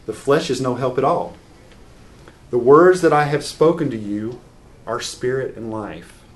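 A man's voice: mid-range voice, a little hiss or hum. A man preaching a sermon, earnest and unscripted, moving from scripture into a family story with frequent restarts.

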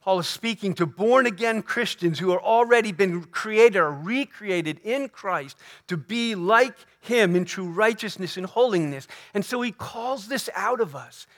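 A man with a high-pitched voice delivers an earnest Sunday sermon from the pulpit. He presses his points by repeating phrases and slowing down to lean on quoted lines. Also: expressive, fairly bright tone. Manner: earnest preaching with emphatic repeated phrases and slow stressed quotes. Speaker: pastor. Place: church sanctuary.

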